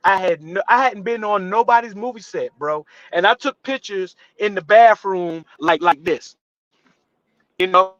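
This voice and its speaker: A man's voice: high-pitched, a little slow, no room sound, lo-fi sound. A man, an actor guest on a live interview show, telling a story and acting out the voices of the people in it. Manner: animated, acts out quotes with voice shifts.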